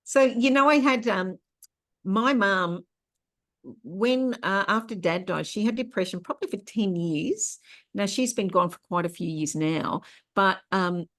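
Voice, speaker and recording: A middle-aged woman, a therapist, hosts an online workshop, teaching conversationally and sharing personal stories. Her voice is medium-pitched, a little slow, and slightly bright.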